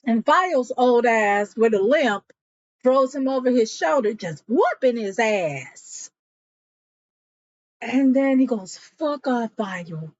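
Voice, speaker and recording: Recapping a TV episode, this woman chats casually with her viewers, whom she addresses as "y'all," and performs the characters' quotes. She speaks slowly in a high, expressive voice, and the audio sounds dull with no room sound.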